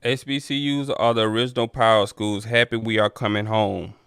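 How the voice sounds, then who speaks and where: On a dry, studio-quality recording, a man speaks briskly in a lowish, level voice with a clean, fairly bright tone. As the host of a laid-back sports talk livestream, he reads through viewer comments, chatting loosely and addressing everyone as y'all.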